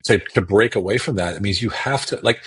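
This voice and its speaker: A man's voice: fairly low pitch, fairly quick, fairly bright tone, slightly rough. A man talking as a podcast guest on a remote call, emphatic and repeating words for stress. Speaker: guest political commentator. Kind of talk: casual podcast talk.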